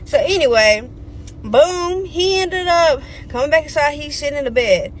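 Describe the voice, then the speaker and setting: A young woman, telling a storytime in a blunt, profane, animated way and acting out the voices she quotes. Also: high-pitched, normal speed, a little hiss or hum. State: pregnant. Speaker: storytime vlogger. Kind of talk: casual storytime rant.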